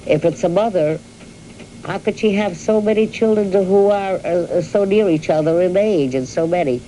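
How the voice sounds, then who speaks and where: An older woman from New York telling the story of her youth and marriage to her husband, in a halting storytelling way with repeated words and fillers. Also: lowish voice, mellow, a little hiss or hum, rough recording. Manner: addresses her husband directly. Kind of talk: reminiscing in an archival interview.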